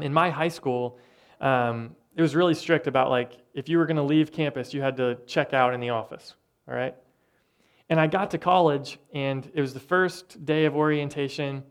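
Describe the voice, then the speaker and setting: A man preaching a sermon with earnest, conversational delivery and thoughtful pauses. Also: on the high side, smooth. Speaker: pastor.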